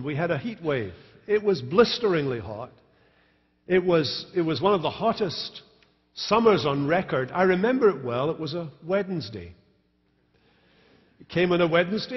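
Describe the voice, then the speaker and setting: A man's voice: on the high side, breathy edge. A man, a pastor preaching a sermon with storytelling and dry humor in a large church. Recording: reverberant church hall, dull live stream.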